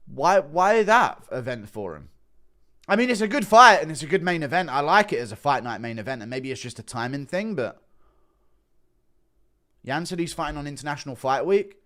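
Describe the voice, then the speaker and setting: A man hosts a casual livestream, reacting to a clip and answering chat messages. His pitch jumps around a lot as he talks. He is blunt and rambling, and he swears freely. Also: very animated, normal speed, a bit bright. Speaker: livestream host reacting to a podcast.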